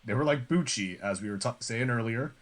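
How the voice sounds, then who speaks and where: A man's voice: medium pitch, brisk. A man co-hosting a podcast, joking around in casual chat with a playful, wry delivery. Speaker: podcast co-host.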